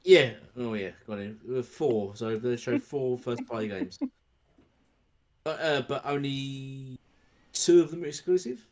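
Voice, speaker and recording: Casting: mid-pitched man, podcast host, halting delivery, repeats phrases, dry humor. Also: darkish tone. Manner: halting, repeats himself, dry running jokes. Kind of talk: casual gaming chat.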